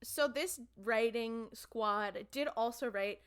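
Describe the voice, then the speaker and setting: A woman co-hosting a podcast talks in a slightly high voice, stringing thoughts together with constant "like" fillers. She sounds exasperated and casual as she picks apart what annoyed her. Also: slow, a bit bright, smooth. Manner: filler-heavy, exasperated, full of "like". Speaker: podcast co-host. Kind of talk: casual chat.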